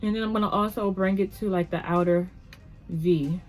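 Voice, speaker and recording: A woman beauty vlogger chatting straight to her camera at home, upbeat and a little rambling. Her pitch sits in a middle range for a woman. Soft music plays faintly behind her. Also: fairly even intonation, moderate pace. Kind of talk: casual makeup tutorial chat.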